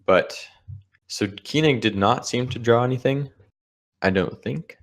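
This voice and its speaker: A man's voice: mid-range voice, unhurried. A man giving live commentary on a board game match, explaining the strategy of each move. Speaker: Scrabble commentator.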